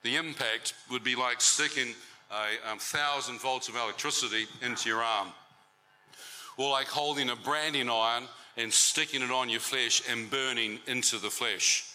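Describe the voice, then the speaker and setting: New man, mid-pitched and very bright, animated testimony storyteller at a church talk. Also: moderate pace, low-quality recording. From New Zealand. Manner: animated storytelling with crowd banter. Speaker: speaker giving a testimony.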